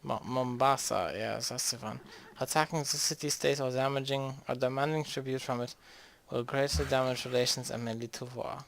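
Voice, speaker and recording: This man talks through a strategy game in a gaming video, rambling and joking, often starting sentences over and letting them trail off. His voice is medium-pitched, gravelly and a bit bright, with fairly even intonation and a moderate pace.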